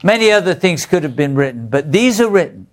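A man's voice: fairly high pitch, a little fast. Man leading a Bible study, questioning the group. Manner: animated, asks the group questions, stammers into restarts.

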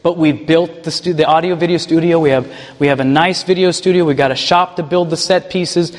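A man who leads a ministry tells a personal testimony in an animated way and chuckles as he goes. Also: fairly high pitch, a little fast, long reverb tail. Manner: animated, chuckles while telling stories. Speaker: ministry leader.

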